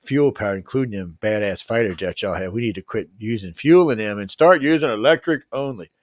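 A man's voice: on the low side, lively intonation, brisk, no echo, clean studio sound, close to an everyday voice. A man in his own voice briefly playing a bossy foreign male head of state who issues demands.

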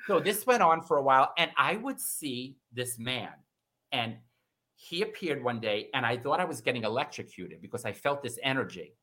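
Animated storytelling man, bright voice. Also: moderate pace. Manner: animated, acts out quoted voices with big pitch jumps. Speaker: guest. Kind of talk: casual storytelling.

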